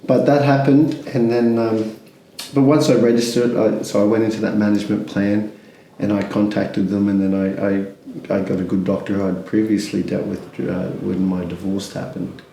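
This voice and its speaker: Man, mellow gravelly voice, rambling interview talk, faint background noise. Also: fairly low pitch, flat delivery, normal speed, reverberant, low-quality recording. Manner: rambling, many restarts and fillers. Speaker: interview guest. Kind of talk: candid conversational interview.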